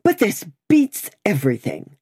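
Woman reading as a blustering male lawyer, pompous, slow and emphatic, audiobook voice. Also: mid-range voice, huge pitch swings, dark tone, breathy edge, dry recording, studio quality, voice pushed up, exaggerated voice. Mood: indignant. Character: blustering proud middle-aged male lawyer. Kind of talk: audiobook character voice.

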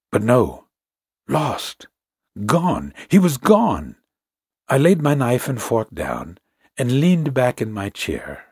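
A man narrating a story in the first person, measured and tense. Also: mid-range voice, a little mellow, slightly rough, no echo, clean studio sound. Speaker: audiobook narrator.

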